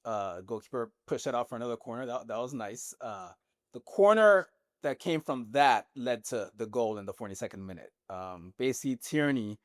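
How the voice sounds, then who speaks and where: A man's voice: medium pitch, lively intonation, normal speed, no echo. Casual male podcast host, profane, jokey match recap, dry close sound. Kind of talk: casual football chat.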